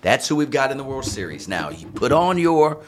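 A man's voice: medium pitch, very animated, normal speed, a little hiss or hum. A man co-hosting a podcast in a casual sports chat, playful and theatrical, asking his partner leading questions. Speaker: podcast co-host.

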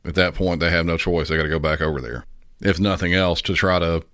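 A man hosting a podcast, calmly narrating and explaining a true-crime case in a measured way. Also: deep voice, no room sound, clean studio sound. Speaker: podcast host.

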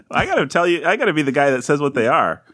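A man's voice: on the high side, big pitch swings, fast talker, a bit bright, dry recording, clean studio sound. A man hosting a casual book podcast, teasing his guests and laughing often. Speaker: podcast host.

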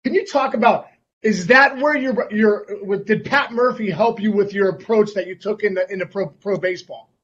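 A man's voice: sits high, moderate pace, fairly bright tone, slightly rough, dull audio. A man hosting a podcast who asks long, winding questions. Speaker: podcast host. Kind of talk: interview questions.

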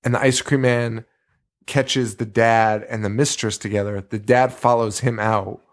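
A man's voice: mid-range voice, steady tone, measured pace. A man co-hosting a podcast, rambling through a movie review in casual chat and swearing freely in exasperated, sarcastic asides. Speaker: podcast co-host.

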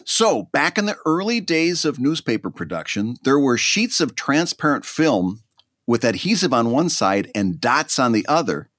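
A man on a podcast with a lively, bouncing pitch who laughs often. He pitches his ideas with some stammering. The sound is close and dry. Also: moderate pace, dry recording. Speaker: podcast co-host. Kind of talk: casual chat, hosting a quiz.

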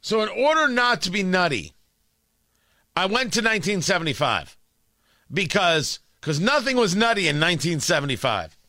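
A man hosting a morning talk radio show, delivering an animated, wry monologue with rambling asides from a studio microphone. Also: high voice, normal speed, no echo.

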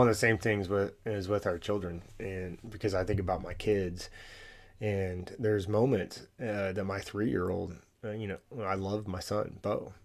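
A man in his thirties, a podcast guest, talking in a reflective, earnest way with many fillers. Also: low voice. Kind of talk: casual chat.

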